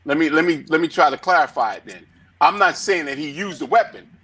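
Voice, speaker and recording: A man co-hosting a talk show, arguing a point and telling a story in an animated way, swearing freely. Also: on the high side, a little fast, breathy edge. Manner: animated, swearing, acts out quotes loudly. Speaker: podcast co-host. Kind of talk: heated debate, storytelling.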